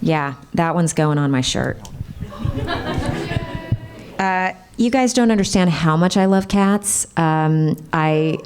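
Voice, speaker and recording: A voice actress chatting bubbly and gushing with fans at a convention panel. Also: female voice, low voice, slow, pauses often, background noise.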